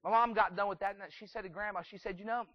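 A man delivers a sermon in a high voice, emphatic and rambling, with frequent restarts and fillers. The recording is dull and lo-fi, with a dry sound. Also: fairly even intonation, quick pace, no room sound. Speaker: preacher.

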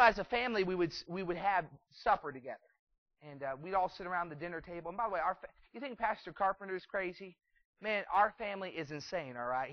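A man's voice: on the high side, dry recording. A man preaching a sermon in an emphatic, rambling style, full of fillers and restarts. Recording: dull lo-fi, dry sound.

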